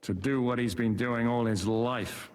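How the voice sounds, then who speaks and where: A man's voice: medium pitch, steady tone, unhurried, a little mellow, in a large hall, natural voice. An actor playing a weary, sardonic young nobleman with a dry, sarcastic manner, in video game voice acting.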